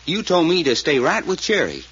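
A hesitant country witness with a drawl, lively pitch, dull old recording. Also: male voice, moderate pace. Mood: earnest. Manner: drawling, hesitant, plainspoken storyteller. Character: folksy rural male witness called Doc. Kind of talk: 1940s radio acting. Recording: dull old radio recording, faint hiss.

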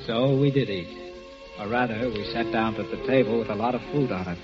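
A man's voice: on the low side, a little fast, loud music behind the voice, natural voice. An actor playing an earnest, reflective man who narrates in a 1940s radio drama, on a dull old recording. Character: earnest, lovesick man narrating his memories.

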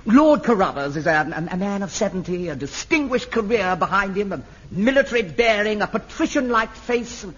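An actor playing a fussy, effusive amateur-drama director with a husky voice. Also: male voice, high voice, lively intonation, normal speed, few pauses, a bit bright, exaggerated voice. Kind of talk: sitcom acting. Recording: dull lo-fi old TV recording.

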